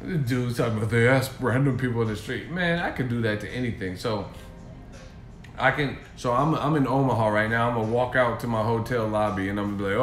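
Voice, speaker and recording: A man's voice: mid-range voice, fairly quick, faint music behind. Profane, mocking male streamer. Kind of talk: casual rant. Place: hotel room. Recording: echoey room.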